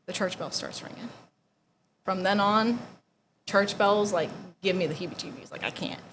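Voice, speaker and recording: Against background noise, a young woman gives a personal testimony at normal speed in a medium-pitched voice. She speaks casually and keeps saying "like," and at the painful moments she drops nearly to a whisper.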